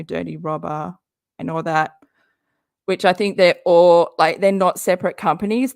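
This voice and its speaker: A woman's voice: on the low side, gravelly, darkish tone, dry recording, clean studio sound. A woman hosting a casual reaction livestream, chatty and sarcastic, rambling and laughing often. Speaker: livestream host.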